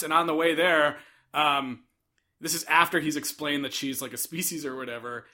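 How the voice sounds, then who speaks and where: A man co-hosting a casual podcast, recapping a movie and acting out characters in quick voices. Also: on the high side, steady tone, sharp tone. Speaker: podcast co-host.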